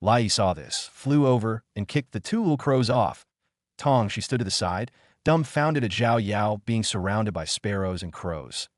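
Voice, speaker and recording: A man reading a fantasy story aloud in an even, steady narration, lifting his voice slightly for the characters. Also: lowish voice, moderate pace, no echo, studio quality.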